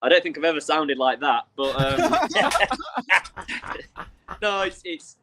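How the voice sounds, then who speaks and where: A young man, a speedway driver, answering modestly in a casual interview with frequent pauses and ums. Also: a little high, expressive, background noise. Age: young adult. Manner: modest, hesitant, many ums.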